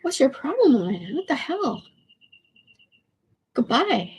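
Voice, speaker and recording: A woman livestreaming an emotional rant. Her voice is tearful, shaky and a bit hoarse, and she stammers, repeats herself and swears bluntly. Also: high voice, very animated, a little slow, darkish tone. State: hoarse from losing voice. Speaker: livestream host.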